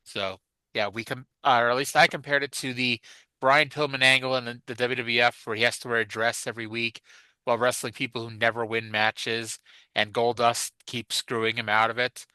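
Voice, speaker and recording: A man's voice: mid-range voice, little pitch movement, normal speed, pushed and bright, smooth, no room sound, rough recording. A man hosting a wrestling re-watch podcast in casual chat, joking and swearing freely. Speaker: podcast host.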